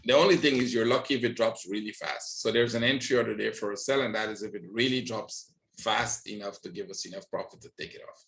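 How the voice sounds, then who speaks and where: A man's voice: on the low side, quick pace, vocal fry, fairly bright tone. A man hosting a trading webinar, walking through charts on screen and checking in with listeners with frequent "right?". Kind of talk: live screen-share market analysis.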